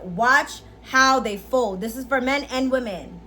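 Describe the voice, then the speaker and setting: High-voiced, lively young woman vlogger. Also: unhurried, a little hiss or hum. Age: 20s. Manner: animated, slangy, chatty, laughs often. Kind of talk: casual tutorial chat.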